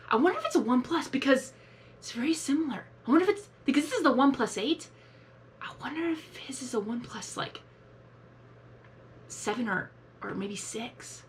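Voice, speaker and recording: A woman hosting a casual live reaction video, talking excitably and rambling with many exclamations. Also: sits high, normal speed, a little hiss or hum.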